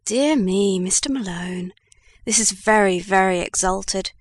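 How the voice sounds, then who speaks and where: Brief: a woman reading an old, kindly newsroom editor for an audiobook, mid-pitched, dry close sound. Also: a little slow, no echo, natural voice. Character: kindly old male Scottish news editor.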